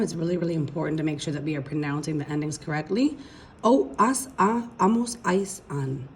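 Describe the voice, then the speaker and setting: A woman's voice: deep voice, creaky, darkish tone, a little hiss or hum. A woman teaching a recorded language lesson, explaining patiently step by step and checking in with her students. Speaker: Spanish teacher.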